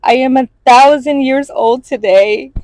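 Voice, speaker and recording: A woman's voice: high voice, unhurried, a little mellow, no echo, voice pushed up, poor audio. A woman voicing an old male storybook dragon who talks in a sobbing, exclaiming way. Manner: sobbing, then overjoyed and exclaiming.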